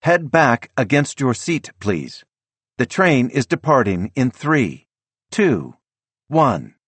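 A man's voice: mid-range voice, very animated, takes it slowly, a bit bright, slightly rough, no echo, voice pushed up, exaggerated voice. A man voicing an urgent computerized female train announcer, with clipped automated countdowns and instructions.

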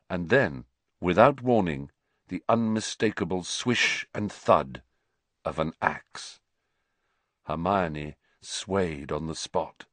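A man reading a novel aloud as narrator, with dramatic, expressive delivery. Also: fairly low pitch, no echo. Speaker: audiobook narrator. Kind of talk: scripted narration.

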